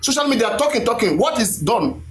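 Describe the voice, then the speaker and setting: A man's voice: very high voice, very animated, a little fast. A Nigerian man hosting a live stream, talking emphatically and repeating himself like a preacher. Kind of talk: animated live stream rant. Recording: echoey room with faint noise.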